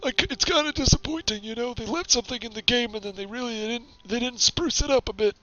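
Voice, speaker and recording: A man's voice: very high voice, quick pace, sharp tone, lo-fi sound. A man giving chatty, self-deprecating commentary while streaming a game.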